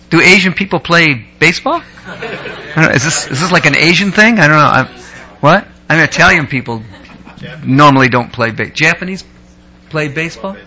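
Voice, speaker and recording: A man pastor preaching a sermon to a young group, joking and teasing his listeners between scripture readings and building stories up with excitement. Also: high voice.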